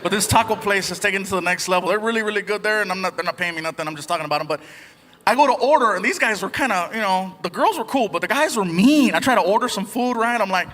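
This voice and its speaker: A man performing an animated stand-up comedy set on a theater stage, telling stories and slipping into voices. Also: high voice, fast talker, in a large hall. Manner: animated storytelling with put-on voices. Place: theater stage before a live audience. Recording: live theater with loud crowd laughter.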